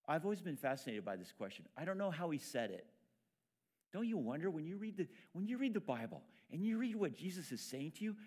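A man's voice: a little high, darkish tone. A man preaching a sermon as pastor, talking in a conversational way with frequent restarts.

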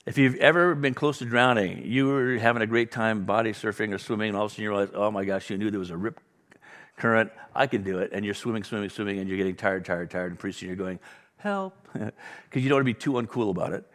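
A man's voice: on the low side, quick pace, long reverb tail. A male pastor preaching a sermon, talking conversationally and telling stories to the congregation. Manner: conversational, animated storytelling with asides to the congregation.

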